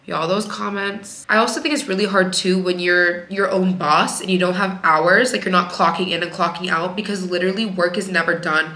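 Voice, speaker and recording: Bright-voiced chatty woman vlogging. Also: on the low side, steady tone, a little fast, few pauses. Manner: frank, chatty, leans on "like" a lot. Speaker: vlogger and working mom. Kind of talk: candid casual vlog talk. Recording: echoey room.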